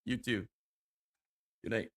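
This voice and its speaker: A man's voice: slow, a bit bright, dry recording, studio quality. A tired young man streaming live, chatting casually on a call with his grandmother, swearing often and laughing easily.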